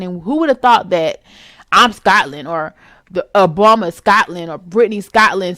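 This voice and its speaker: Woman vlogger, sassy gossip commentary, high voice, dry close sound. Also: no room sound. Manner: sassy, animated, rhetorical, swearing. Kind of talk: casual celebrity gossip commentary.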